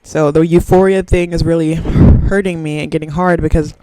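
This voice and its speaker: A woman's voice: deep voice, fairly even intonation, moderate pace, dark tone, low-quality recording. A woman, rambling through a profane, self-mocking solo podcast chat very close to the microphone. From Southern US. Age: 20s. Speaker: podcast host.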